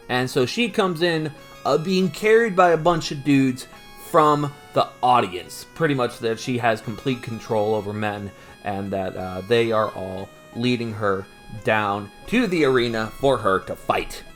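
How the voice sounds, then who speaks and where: Chatty casual man recapping an anime. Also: mid-range voice. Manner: loose and chatty, frequent "uh" fillers, laughs and swears; gets animated and opinionated. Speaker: podcast host recapping an anime.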